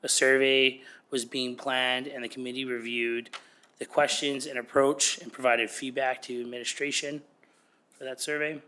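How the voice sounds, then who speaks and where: A slightly hoarse man presenting a committee report at a council meeting, steady but full of "uh" and "um". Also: mid-range voice, normal speed, slight background noise. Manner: steady, with frequent "uh" and "um". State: a little hoarse.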